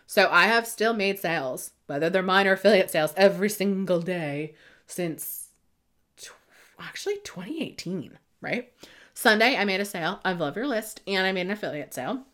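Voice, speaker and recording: Lively in intonation and a bit bright, this mid-range female voice moves at a moderate pace. The email-marketing podcast host talks candidly and emotionally about her business, earnest and meandering.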